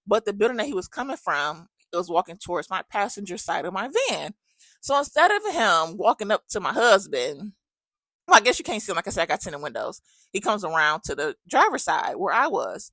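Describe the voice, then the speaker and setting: A woman's voice: mid-range voice, no room sound. A woman, likely a mother of several kids, telling a story in a casual chat style and animatedly acting out the people she quotes. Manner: animated, acts out quoted dialogue.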